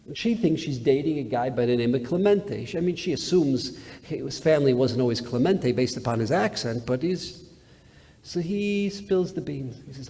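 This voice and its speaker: A male rabbi delivers a sermon-style talk, telling a story emphatically with bursts of loudness and hushed drops. His voice sits at a medium pitch. It is recorded in a large synagogue sanctuary with a long, lingering hall reverb. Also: lively intonation, normal speed. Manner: emphatic storyteller with repetitions and dramatic swings in volume. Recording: reverberant hall, live webcast.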